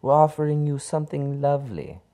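A man's voice: a little high, expressive, brisk, dark tone, lo-fi sound, voice pushed up. A man doing Kalila, a seductive occult woman.

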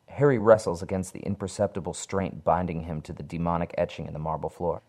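A man reading a horror story aloud in a dark, measured storytelling manner. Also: sits low, fairly even intonation. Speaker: narrator.

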